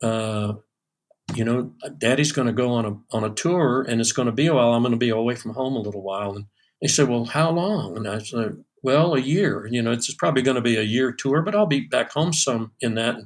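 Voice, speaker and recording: A man's voice: mid-range voice, a little fast. A man in his sixties, a session drummer, telling stories in an interview with many fillers and restarts. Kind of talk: storytelling in a podcast interview.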